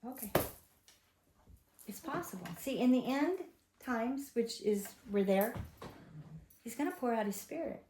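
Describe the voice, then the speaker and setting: Older woman, home Bible teacher, a touch high, chatty and emphatic, roomy echo. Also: animated, unhurried, long pauses, noisy background. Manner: chatty, emphatic, asks the group questions. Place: home gathering room. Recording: echoey room.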